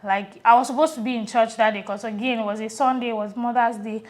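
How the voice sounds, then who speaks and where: A Nigerian woman co-hosting a podcast, telling a personal story in a reflective, earnest way that often trails off softly. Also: fairly high pitch, steady tone, quick pace. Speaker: podcast co-host. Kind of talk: casual conversational storytelling.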